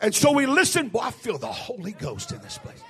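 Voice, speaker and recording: A male pastor preaching a fervent sermon to a live congregation, building to shouted exhortations. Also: very high voice, wildly swooping pitch, a little fast, slightly rough. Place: church service before a congregation.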